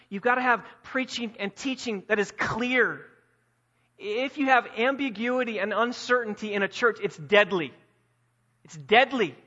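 A man preaching a sermon as pastor, emphatic, building to forceful peaks and dropping low again. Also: dull audio. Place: church sanctuary.

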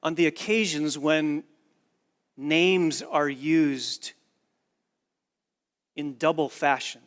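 A man's voice: a little high, drawn-out words, a bit bright. A man preaching a sermon in an earnest, emphatic way, driving points home with repeated phrases. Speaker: pastor.

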